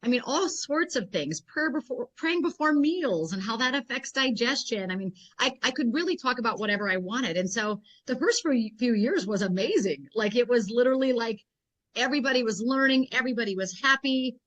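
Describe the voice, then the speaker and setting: A woman's voice: on the high side, fairly quick. Chatty woman guest telling stories. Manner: rambling, animated, many "I mean" and "like" fillers. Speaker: interview guest, health and fitness professional. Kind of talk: casual interview storytelling.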